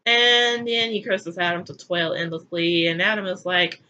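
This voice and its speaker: A woman's voice: lowish voice, moderate pace, few pauses, pushed and bright, highs cut off, a little hiss or hum. A woman reading aloud her own irreverent, crude comic retelling in a sarcastic way. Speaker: channel host. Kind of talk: comedic read-aloud retelling.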